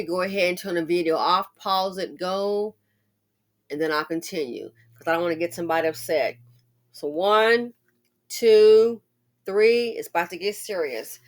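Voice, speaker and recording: A woman giving casual commentary on a news story, animated and talking straight to her viewers. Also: fairly low pitch. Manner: animated, addresses viewers directly.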